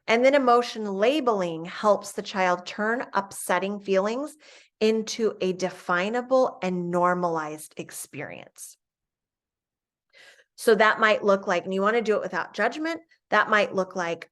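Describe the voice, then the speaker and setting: Middle-aged female instructor, calm, measured, step-by-step lecture delivery, mid-range pitch. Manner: calm, explaining step by step, soft acted examples for students. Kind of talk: instructional lecture on classroom coaching.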